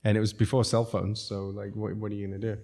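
A South African restaurateur guest talks fast in a fairly low, creaky, slightly mellow voice with flat delivery. His casual storytelling rambles on, full of chuckles and self-interruptions.

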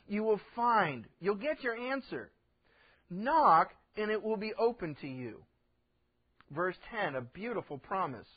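A pastor preaching a sermon in a high, light man's voice. He tells folksy stories and slips into little acted voices. The sound is dull, like an old radio broadcast. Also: slightly rough.

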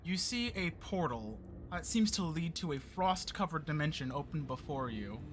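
A man's voice: fairly high pitch, sing-song, moderate pace, slight background noise. A man narrating a tabletop game as its game master, in a playful, descriptive way.

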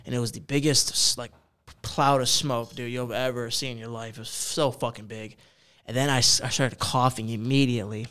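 A man's voice: mid-range voice, fairly even intonation, moderate pace, pushed and bright, clear, resonant tone. A man in his twenties in casual chat, telling a story with lots of swearing and slang. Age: 20s.

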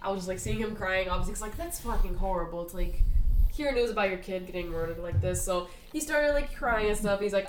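A woman hosts a casual true crime podcast, talking fast in a medium-pitched, expressive voice. She swears often, says "like" constantly, and is tearful as she speaks. The recording quality is low.

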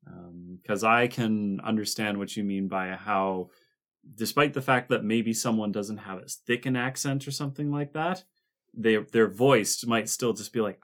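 A man's voice: on the low side, measured pace, fairly bright tone. A man co-hosting a podcast, explaining details of a cartoon series in a chatty way, with frequent restarts. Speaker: podcast co-host. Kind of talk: casual discussion of a cartoon series.

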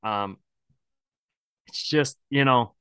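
A male podcast host chatting casually and candidly, with a bright, forceful tone. His voice is smooth and clear, recorded dry and close on a podcast mic. He rambles a little, leaning on fillers. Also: medium pitch, drawn-out words, dry recording. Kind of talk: casual sports podcast chat.

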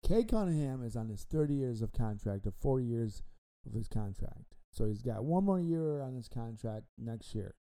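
A man's voice: mid-range voice, animated, normal speed, few pauses, mellow, low-quality recording. A man hosting a casual sports podcast, rambling and repeating himself with frequent ums. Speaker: podcast host.

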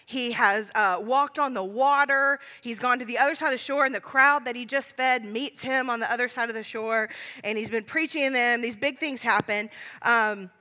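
A woman's voice: on the high side, moderate pace, sharp tone, big-room sound. A woman in her thirties preaching a sermon, telling funny family stories in a chatty, self-deprecating way and laughing along.

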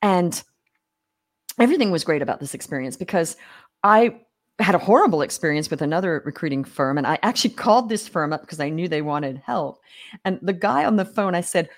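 Animated woman telling a story. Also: on the low side, fairly quick. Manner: animated storyteller acting out quoted voices, many restarts. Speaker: guest. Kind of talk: casual storytelling in a podcast interview.

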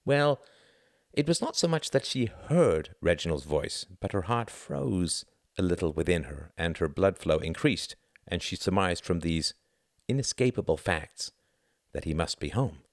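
Man narrating a novel, very low voice, lively expressive delivery, dry close sound. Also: dry recording. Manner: measured storytelling. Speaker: audiobook reader.

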